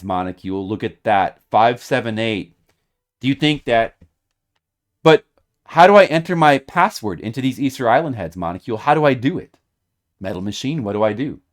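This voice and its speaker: A man streaming a retro video game, talking to his audience in a mock-dramatic way that swings from loud hype to quiet muttering. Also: mid-range voice. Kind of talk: casual gameplay commentary. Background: video game music.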